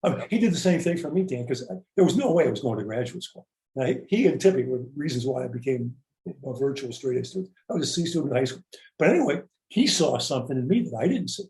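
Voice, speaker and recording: A man's voice: mid-range voice, animated, quick pace, a little mellow, reverberant, poor audio. A man hosting an interview in a reflective way, retelling stories and quoting people as he asks questions. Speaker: podcast host. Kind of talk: conversational interview.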